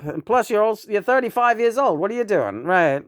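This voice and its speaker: A woman's voice: medium pitch, animated, a little fast, no room sound, clean studio sound. A woman in her sixties chatting casually in a rambling, profane way, often breaking into chuckles. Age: 60s. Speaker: vlogger.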